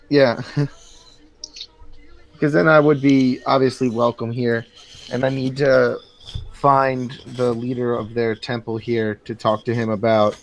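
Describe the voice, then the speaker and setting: A man with a mid-range voice plays a tabletop game in a casual chat. He often loses his words and restarts. He speaks in halting bursts. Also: medium pitch, low-quality recording. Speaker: player.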